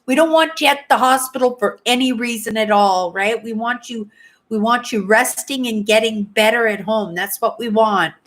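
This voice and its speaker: A woman in her sixties from Canada chats casually with her livestream viewers. Her voice sits a little high, and she rambles and keeps asking "right?" between thoughts. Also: moderate pace, a bit bright. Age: 60s. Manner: chatty, rambling, tags "right?" after most sentences. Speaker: livestream host. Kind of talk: casual chat with live viewers.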